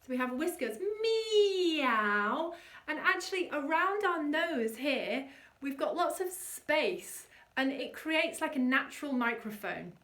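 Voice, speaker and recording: A woman voice coach leading an energetic vocal warm-up and demonstrating the exercises herself. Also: high voice, unhurried, roomy sound, recorded from a distance.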